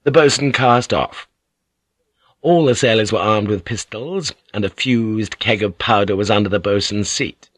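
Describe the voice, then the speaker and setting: A man narrating an audiobook novel in a measured, even storytelling manner. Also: on the low side, no echo. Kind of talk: scripted narration.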